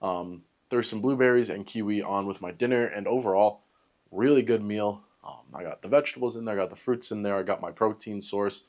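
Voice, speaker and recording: Young guy vlogging his day, kinda low voice, upbeat rambly talk, lots of ums and little jokes. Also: fairly quick, a little mellow. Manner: rambling, upbeat, self-joking with many fillers. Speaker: fitness vlogger. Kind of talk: casual talk to camera.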